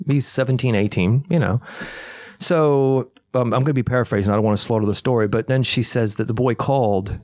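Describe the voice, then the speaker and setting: A man's voice: mid-range voice, fairly quick, no echo. A young man tells a story on a podcast and acts out every voice in it. He swears freely and keeps the chat loose and casual. His voice is recorded close and dry, with no room sound at all. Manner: animated storyteller acting out quotes, swears freely. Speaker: podcast co-host.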